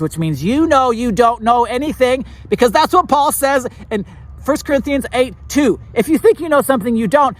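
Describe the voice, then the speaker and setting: A man hosting a church talk show, preaching casually to his viewers and repeating his slogans with emphasis. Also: very high-pitched. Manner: emphatic, repeats slogans, laughs at own lines.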